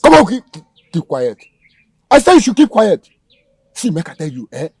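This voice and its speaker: Nasty kidnapper, nigerian pidgin accent, barks orders and sneers, highish husky voice jumping all over. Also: male voice, wildly swooping pitch, normal speed, no echo, full character voice. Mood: menacing. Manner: threatening, taunting, shouting orders. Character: menacing male kidnapper, coarse and mocking. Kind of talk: Nollywood film acting.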